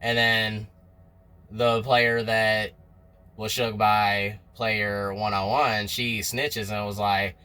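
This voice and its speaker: A man recapping a TV episode in a slangy, animated storytelling way, talking straight to his viewers. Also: fairly low pitch, takes it slowly, clean tone, soft background music. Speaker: TV recap vlogger.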